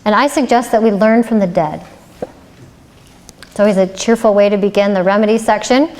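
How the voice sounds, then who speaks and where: A woman's voice: mid-range voice, fairly quick, darkish tone. Woman lecturing in a reverberant hall. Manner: conversational, with rhetorical questions and some "um"s. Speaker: ethics lecturer. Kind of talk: public lecture.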